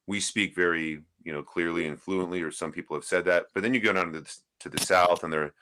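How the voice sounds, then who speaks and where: A man's voice: sits low, fairly even intonation, a little fast, sharp tone, slight background noise. A man with an American Midwestern accent, chatting casually as a livestream panelist and rambling a little with filler words. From Midwestern United States. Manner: rambling, self-deprecating, with laughs and filler words. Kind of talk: casual chat.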